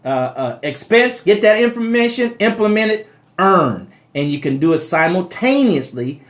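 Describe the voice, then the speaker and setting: A man's voice: sits high, big pitch swings, normal speed. A man giving a motivational live-stream talk about money, preaching to his listeners as brothers and sisters and repeating his key points with frequent stammers and restarts.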